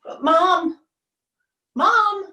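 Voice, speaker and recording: A woman's voice: very high voice, drawn-out words, sharp tone, pitched above the performer's own voice, heavily acted. A woman voicing a young girl who hesitantly pleads to be heard, on stage. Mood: pleading. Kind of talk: solo stage performance. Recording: roomy stage sound, mic far off.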